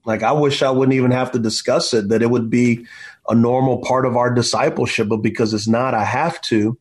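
A man's voice: medium pitch, steady tone, a little fast, breathy edge. A man in his forties, an author being interviewed, telling stories in an emphatic, preacher-like way and often saying "man". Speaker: author and guest. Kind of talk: impassioned storytelling in an interview.

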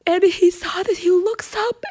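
A woman guest on a podcast, telling a personal family story in an emotional, animated way, with many fillers. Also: extremely high pitch, a little slow.

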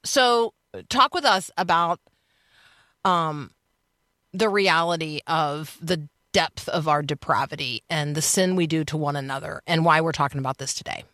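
A woman's voice: sits low, normal speed, bright, forceful tone, no room sound, studio quality. A woman hosting a morning radio talk show, chatting casually and thinking aloud with fillers.

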